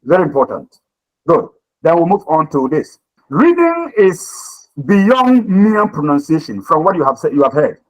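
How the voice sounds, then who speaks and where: Animated man lecturing a class. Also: fairly high pitch, measured pace, poor audio. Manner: repeats words, animated questioning of class. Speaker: teacher.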